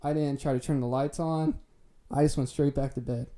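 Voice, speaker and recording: A man's voice: mid-range voice, steady tone, brisk, mellow. A young man casually telling a long story to friends, laid-back and swearing freely with plenty of "like" fillers. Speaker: podcast co-host telling a story.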